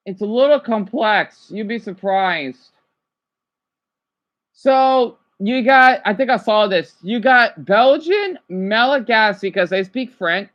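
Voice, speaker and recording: A woman's voice: mid-range voice, expressive, slow pace. Chatty woman vlogger, dull lo-fi audio. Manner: chatty, repeats herself, sounds out foreign words. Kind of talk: casual chat while watching a video.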